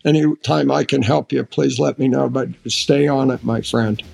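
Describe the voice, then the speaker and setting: Gravelly older American man. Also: mid-range voice. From United States. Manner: halting, restarts often, animated when quoting others. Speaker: podcast guest, retired admiral. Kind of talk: casual interview storytelling.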